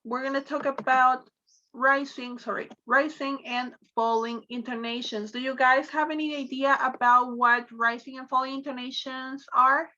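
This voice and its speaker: A Spanish-speaking woman gives an online English lesson, explaining carefully and switching into Spanish now and then. Her voice is high and bright. The audio is dull and lo-fi, like a video call. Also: fairly even intonation, normal speed. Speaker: English teacher. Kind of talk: online class lecture.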